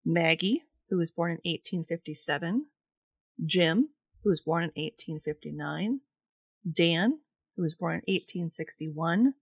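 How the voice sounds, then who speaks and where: Low-voiced woman podcast host. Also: animated, a little slow, slightly rough, dry recording. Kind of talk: casual podcast chat, reading notes.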